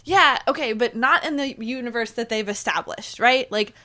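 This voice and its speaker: A woman's voice: a little high, moderate pace, bright, forceful tone. A woman in casual podcast chat, arguing her points in an opinionated, emphatic way. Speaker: podcast guest.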